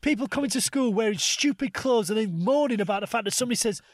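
A man in his thirties co-hosting a comedy podcast, telling animated stories and swearing freely. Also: sits high, fast talker, no echo, studio quality. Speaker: podcast co-host. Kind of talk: casual comedic chat.

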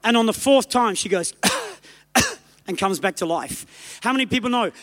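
A man with an Australian accent preaching a revival sermon in church, telling stories fast and rising to shouted calls, with soft music behind. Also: very high voice, wildly swooping pitch. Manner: fervent, rapid storytelling building to shouted calls. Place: church meeting.

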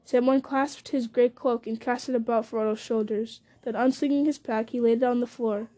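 A woman giving a measured, storytelling reading of a fantasy novel. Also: fairly high pitch, steady tone, warm tone. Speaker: audiobook reader.

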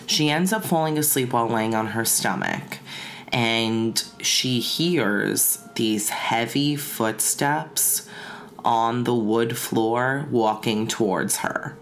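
A woman's voice: very deep voice, takes it slowly, a little hiss or hum. A woman casually telling a spooky story on a podcast, chatty and full of "like" fillers.

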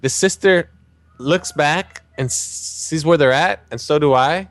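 A man hosting a podcast, telling a jokey anecdote in a casual, animated way, with some swearing. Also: on the high side, measured pace, no echo, faint music behind. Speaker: podcast host. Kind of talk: casual storytelling chat.

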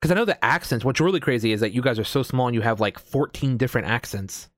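A man's voice: medium pitch, expressive, quick pace, dry recording, clean studio sound. An American man in casual chat as a host, rambling with lots of fillers and casual swearing. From United States.

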